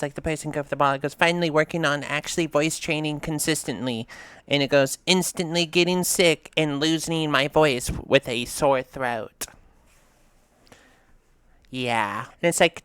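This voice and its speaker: A woman's voice: low-pitched, a bit bright, smooth, dry recording. A woman hosting a casual reaction video, reading meme captions aloud and chatting with sass. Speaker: host reacting to memes.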